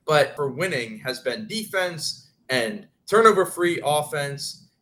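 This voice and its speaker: A man on a sports betting podcast panel, talking through a college football matchup in a measured, analytical way and often hedging with "I mean". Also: fairly high pitch, lively intonation, fairly bright tone. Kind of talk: casual sports analysis chat.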